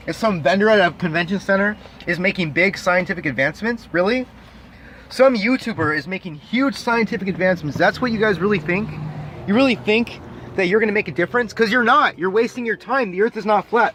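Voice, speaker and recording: A man's voice: high voice, a bit bright, slight background noise, poor audio. A man vlogging an angry, profane rant straight to camera, insulting and emphatic. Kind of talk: angry ranting monologue to camera.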